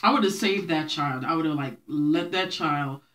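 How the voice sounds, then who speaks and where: This Brooklyn-raised vlogger of Haitian heritage, who grew up with Haitian Creole, speaks low-pitched at a moderate pace with a slightly bright sound. She chats to the camera about her childhood and laughs often.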